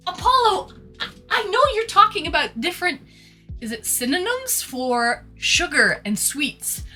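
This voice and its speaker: A Canadian woman with a Canadian accent, chatting excitably on a live stream as she reads out her chat. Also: high-pitched.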